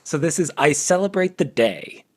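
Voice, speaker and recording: A man hosting a casual podcast, reading his own poems aloud in a halting way, self-deprecating and quick to laugh. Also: fairly high pitch, lively intonation. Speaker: podcast host.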